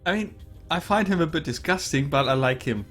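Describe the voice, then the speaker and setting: A man's voice: fairly high pitch, expressive, brisk, a bit bright, soft background music. A man streaming a video game and chatting about it in an amused, laughing way. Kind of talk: casual gameplay commentary.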